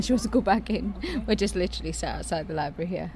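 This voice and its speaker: A woman's voice: lowish voice, fast, a crowd in the background. A woman, a mother vlogging a family outing around a small town and its library, chatting playfully and teasing her children. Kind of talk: casual family vlog chat.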